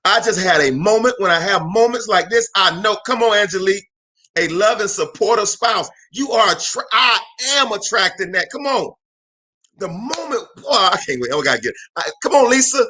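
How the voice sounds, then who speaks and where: This motivational speaker hosts his live talk solo in a room, speaking fairly quickly in a high voice. He delivers emphatic, energetic lines, repeats phrases, and calls out to viewers in a preacher's style.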